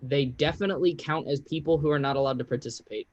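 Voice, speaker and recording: A man narrating a tabletop game as game master, telling the scene in a relaxed way with frequent laughs. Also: mid-range voice, fast talker, no echo, lo-fi sound. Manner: relaxed storytelling, laughs often.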